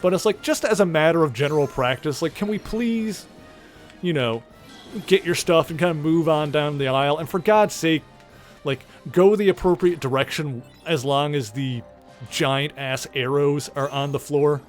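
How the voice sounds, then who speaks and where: A man's voice: a little high, moderate pace, soft background music. A man streaming a video game, chatting casually in a rambling way, full of fillers and the odd swear word. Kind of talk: casual gameplay commentary.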